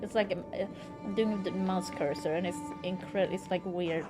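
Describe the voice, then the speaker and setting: A woman giving casual let's-play commentary, excitable and easily startled, swearing when scared. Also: fairly low pitch, normal speed, music in the background. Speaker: game streamer.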